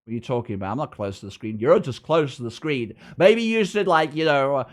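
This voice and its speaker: A man's voice: medium pitch, lively intonation, a little fast. A man streaming a game and chatting with his viewers, teasing them and laughing often. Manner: playful, teasing, laughs often, jumps between loud and mumbled; reads chat aloud and answers viewers. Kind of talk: casual livestream chat.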